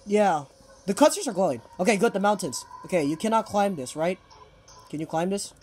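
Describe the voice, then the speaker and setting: A man's voice: sits high, expressive, fairly quick, darkish tone. Young male gamer, nervous running commentary, sudden panicked yelps, casual delivery. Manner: jittery, frequent panicked outbursts. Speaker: game player.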